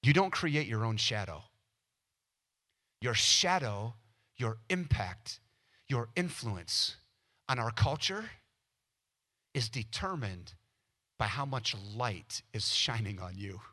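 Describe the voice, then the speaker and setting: Bright-voiced animated male preacher. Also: medium pitch, takes it slowly, long pauses. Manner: animated, acts out little scenes with quoted voices. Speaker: pastor. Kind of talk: sermon.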